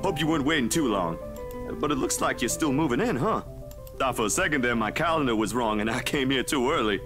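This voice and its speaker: A man voicing a big, friendly, easygoing male photographer who talks in a relaxed, folksy way. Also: medium pitch, fast, over music, pitched below the performer's own voice, close to an everyday voice.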